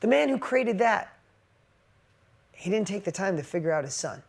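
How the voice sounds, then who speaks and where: A man in his forties giving a motivational business talk, emotional and shifting from loud emphatic bursts to quiet reflection. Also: sits high, sing-song, moderate pace, creaky. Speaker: business speaker.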